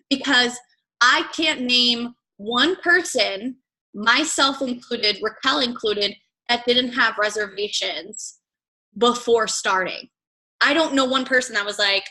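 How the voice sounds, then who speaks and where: A woman's voice: fairly high pitch, pushed and bright, rough recording. A young woman leading a team training call as coach, chatty and blunt, swearing freely and filling her talk with "like" and "right?".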